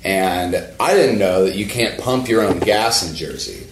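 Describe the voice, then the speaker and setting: Laid-back man, low voice. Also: expressive, a little slow, reverberant, a little hiss or hum. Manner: laid-back storytelling, profane. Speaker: touring musician. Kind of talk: casual podcast chat.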